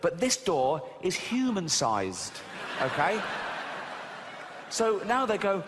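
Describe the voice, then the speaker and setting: A man performing a stand-up routine, animated and mocking, swearing and acting out voices. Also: sits high, slow pace, long pauses, in a large hall, very noisy. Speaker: stand-up comedian.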